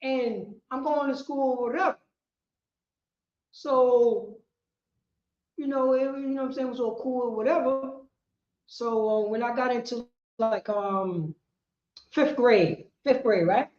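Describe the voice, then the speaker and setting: New lady preaching a history lesson, kinda high voice, echoey dull room, gets loud. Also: measured pace, pauses often. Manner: emphatic, repetitive, rising to shouts. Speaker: teacher of a history class. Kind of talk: street-preaching lecture. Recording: roomy, dull lo-fi sound.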